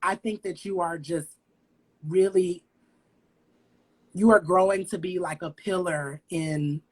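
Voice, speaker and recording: Husky guy guesting on a livestream, gushing and heartfelt, keeps restarting. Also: high voice, poor audio. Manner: effusive, heartfelt, stumbling restarts. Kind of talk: casual livestream chat.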